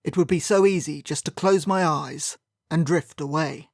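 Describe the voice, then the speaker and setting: Male narrator, slightly high and gravelly, dry wry first-person audiobook read, close and dry sound. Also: moderate pace, dry recording.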